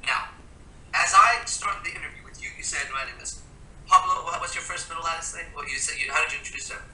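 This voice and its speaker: Speaking as a mentor in a casual interview, a man gives blunt, emphatic coaching laced with frequent swearing. His voice is a little high, fast, pushed and bright, heard from a distance in an echoey room.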